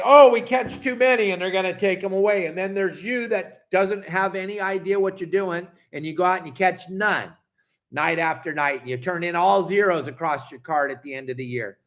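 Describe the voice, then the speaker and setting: High-pitched socal fishing guy ranting at his viewers, cussing, goes loud then mutters. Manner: angry, cussing, repetitive, swings loud and soft. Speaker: fishing show host. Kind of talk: impassioned rant to viewers.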